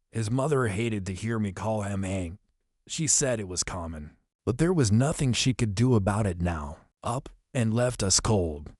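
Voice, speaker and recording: A man narrating a horror audiobook in the first person, with a measured, somber, confessional telling. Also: fairly low pitch, darkish tone, no echo, studio quality.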